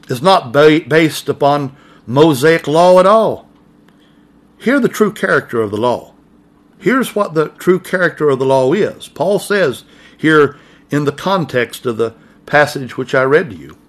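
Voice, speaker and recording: A man preaching a sermon, reading scripture in a measured voice and stressing key phrases slowly. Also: medium pitch. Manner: slow, emphatic, repeating key phrases.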